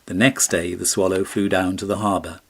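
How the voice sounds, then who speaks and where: A man narrating a classic storybook in a measured, expressive reading. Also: low voice, a little hiss or hum. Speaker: audiobook narrator.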